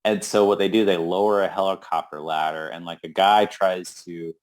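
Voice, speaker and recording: A man's voice: low-pitched, steady tone, normal speed. A man co-hosting a movie podcast in casual chat, retelling scenes with acted-out quotes and dry humor. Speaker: podcast co-host.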